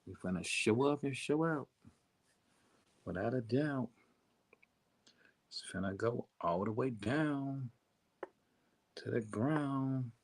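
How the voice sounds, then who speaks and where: A man's voice: mid-range voice, slow pace, pauses often. A man hosting a podcast in a casual chat style, hyping up his audience and calling on listeners again and again to join in. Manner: hyped, repeats calls to the audience to come on in. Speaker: podcast host.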